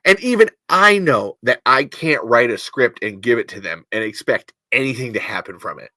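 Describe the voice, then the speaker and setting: A man hosting a casual livestream podcast, reading out viewer comments, talking in an animated and testy way and swearing freely. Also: medium pitch, moderate pace, no room sound, studio quality. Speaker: podcast host.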